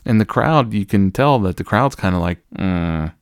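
Deep male podcast co-host, wry and rambling, dry close mic. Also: lively intonation, moderate pace, dry recording. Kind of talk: casual chat about wrestling.

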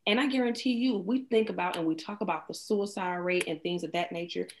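A woman's voice: brisk, slight background noise. A woman hosting a faith-based podcast conversation, talking casually and animatedly, often repeating words. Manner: animated, acts out her young daughter in a high voice. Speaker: podcast host.

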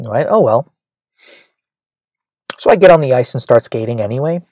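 A man's voice: a little high, big pitch swings, moderate pace, dark tone, dry recording. Rambling male comedian telling a story. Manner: rambling, self-mocking, many "right?" asides.

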